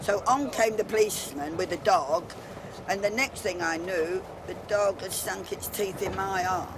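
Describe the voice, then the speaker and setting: A football supporter telling a story in a brisk, indignant way. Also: male voice, high voice. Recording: street noise outdoors.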